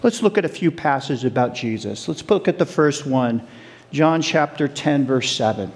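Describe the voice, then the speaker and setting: A middle-aged man preaching a sermon, animated, asking the audience questions and laughing along with them. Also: medium pitch, normal speed.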